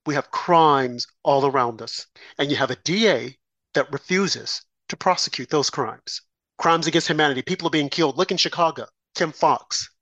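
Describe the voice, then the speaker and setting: A man's voice: a little high, moderate pace, fairly bright tone, no room sound. A man hosting a political talk show, delivering an impassioned commentary monologue full of rhetorical questions and mocking asides.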